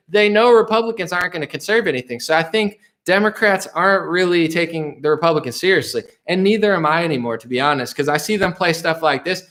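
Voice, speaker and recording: Guy on a live stream going through chat, kinda high voice, rambly, lots of whatevers. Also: fairly bright tone. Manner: rambling, restarts, dismissive asides.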